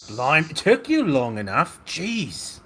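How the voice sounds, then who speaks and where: Jolly stout gnome, voiced by a man, chummy and quick with slang. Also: a little high, wildly swooping pitch, bright, forceful tone, voice pushed up, full character voice. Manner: exclaims with old-fashioned slang. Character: stout little male gnome, chatty and jolly.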